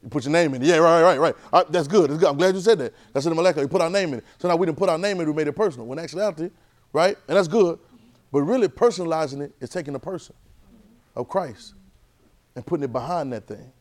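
A man teaching a church Bible class, lively and conversational, repeating phrases and asking the class questions. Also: a little high, racing.

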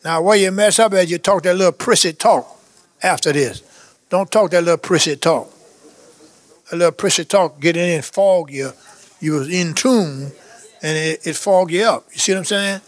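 A man's voice: high voice, normal speed, dry recording. A man preaching a charismatic sermon, fervent and exhorting, repeating phrases and breaking into tongues and chuckles.

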